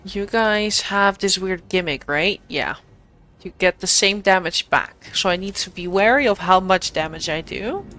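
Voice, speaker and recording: A woman's voice: mid-range voice, measured pace, sharp tone. A young woman streaming a video game, chatting playfully with her viewers as she plays. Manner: chatty, playful, talks to her chat while playing. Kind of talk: casual gameplay commentary. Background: faint game music.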